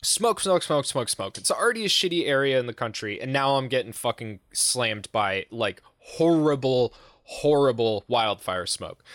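Man, podcast co-host, casual profane storytelling, mid pitch, dry close recording. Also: animated, moderate pace, a bit bright, no room sound. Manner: profane, rambling, mimics people he quotes.

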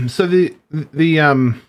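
A man's voice: on the high side, drawn-out words. A man co-hosting a casual chat podcast, hesitant, repeating words as he riffs. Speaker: podcast co-host.

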